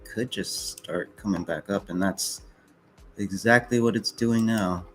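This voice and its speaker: Casting note: young male streamer, low voice, laid-back, faint music and typing behind. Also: a little slow. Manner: laid-back, laughs easily, swears casually. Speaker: livestream host. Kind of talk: casual livestream chat.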